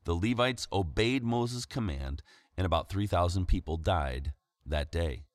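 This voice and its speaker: A man preacher reading scripture aloud in a measured way, then explaining it in a sermon. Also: sits low, expressive, no room sound, studio quality.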